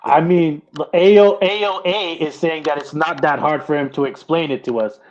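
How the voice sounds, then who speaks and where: Easygoing co-host with a slightly high voice, muffled mic. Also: male voice, moderate pace, a little hiss or hum. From Toronto, Canada. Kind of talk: casual chat.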